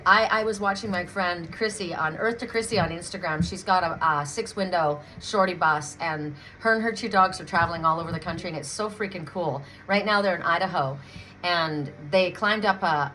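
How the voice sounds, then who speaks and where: A middle-aged woman from Canada talks through a spiritual card reading in a loose, emotional, chatty way. Her voice is bright and clear, and she often restarts her sentences. A faint hum of room noise sits behind her. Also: lowish voice, rough recording. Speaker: tarot card reader.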